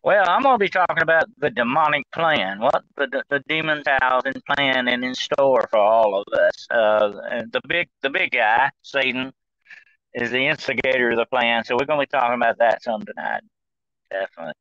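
A man's voice: mid-range voice, animated, moderate pace, pushed and bright, dry recording, lo-fi sound. A man talking as a guest on a call-in style show, rambling, with many fillers and restarts. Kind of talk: casual talk-show discussion.

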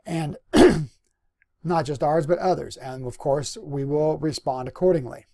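A man from the US Northwest giving a recorded lecture in an unhurried, conversational way, with restarts and pauses. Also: on the high side, mellow. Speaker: instructor.

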